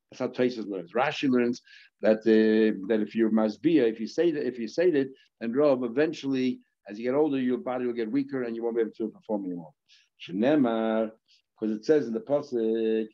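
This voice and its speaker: A man's voice: medium pitch, a little fast. A male rabbi giving a Talmud lesson, explaining terms step by step in a conversational way. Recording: slightly dull lo-fi audio.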